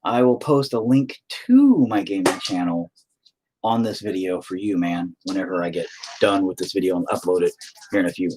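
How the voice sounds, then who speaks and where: A man's voice: lowish voice, lively intonation, fairly quick, a little mellow, slight background noise. A man with a rural Southern US accent, chatting casually while he paints, rambling, profane and self-mocking. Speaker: painting video host.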